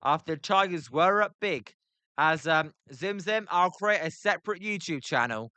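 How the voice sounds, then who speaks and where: A man's voice: on the high side, expressive, moderate pace, sharp tone, clean tone, dry recording. A British man doing live baseball play-by-play for a stream, chatting with viewers, full of filler ums and self-deprecating asides. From Britain.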